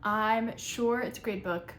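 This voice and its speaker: A young woman reviewing a book in a casual, chatty way, nitpicky and animated. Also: mid-range voice, measured pace, a little hiss or hum. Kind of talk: casual chat.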